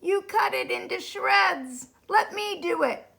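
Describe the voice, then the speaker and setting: A woman's voice: extremely high pitch, lively intonation, slow, gravelly, pushed and bright, pitched above the performer's own voice, heavily acted. A woman voicing a grumpy stapler in a storybook reading, grumbling and muttering.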